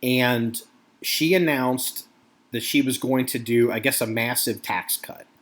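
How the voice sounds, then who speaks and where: A man's voice: medium pitch, a little slow, a bit bright. A middle-aged American man hosting a podcast, ranting in a casual, profane way about current events. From United States. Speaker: podcast host.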